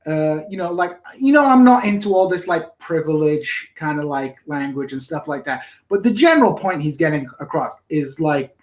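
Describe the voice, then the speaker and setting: A man's voice: on the high side, expressive, moderate pace, hardly any pauses, roomy sound. A man from England co-hosting a podcast, chatting casually about a clip in a rambling way with many fillers. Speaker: podcast co-host. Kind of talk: casual chat reacting to a clip.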